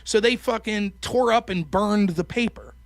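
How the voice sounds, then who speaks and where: A man's voice: high voice, measured pace, dry recording. A man hosting a podcast, telling a story in casual, profane chat and mocking the people he quotes in put-on voices. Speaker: podcast host.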